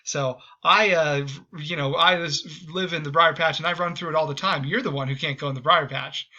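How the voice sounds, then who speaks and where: A man putting on a boastful trickster rabbit from a folktale, sly and taunting, high and bright. The voice pushes forward with a brash edge, and the recording sounds dull and lo-fi. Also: normal speed. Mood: gloating. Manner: taunting, raised excited voice.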